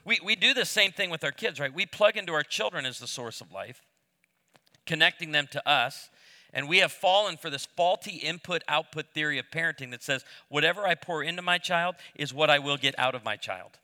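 A pastor in his fifties delivers a sermon full of funny stories. He acts out the other voices as he tells them, and his voice is high-set and very bright and forceful. It carries with a long reverb, as if spoken in a large hall. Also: a little fast. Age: 50s. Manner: animated storyteller, acts out voices.

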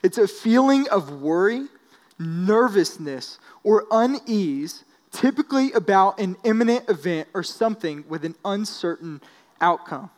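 A man's voice: sits high, animated, unhurried. A man preaching a sermon to an audience, telling a story casually with lots of fillers. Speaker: speaker at a church service. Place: large hall with an audience. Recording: long reverb from a large hall.

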